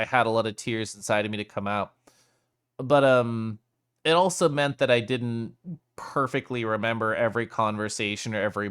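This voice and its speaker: Smooth-voiced, teary male streamer. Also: mid-range voice, fairly bright tone. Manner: emotional, laughs often between sentences. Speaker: streamer reading chat. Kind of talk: casual stream chat.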